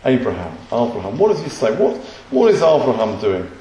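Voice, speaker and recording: A man's voice: mid-range voice, huge pitch swings, brisk, mellow, heavy reverb, a little hiss or hum, poor audio. A man preaching a sermon, emphatic and full of rhetorical questions.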